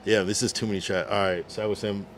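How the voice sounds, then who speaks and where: A man's voice: on the low side, flat delivery, fast, a little hiss or hum. A man streaming live, reading chat messages aloud in a laid-back, slangy way. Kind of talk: casual livestream chat.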